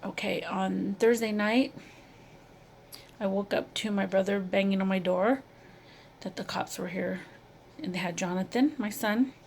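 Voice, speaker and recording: A middle-aged woman, a mother, telling her own story in a slow, halting and emotional way, with many pauses and repeated phrases. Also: mid-range voice, vocal fry, a little mellow, slight background noise. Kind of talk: personal testimony to camera.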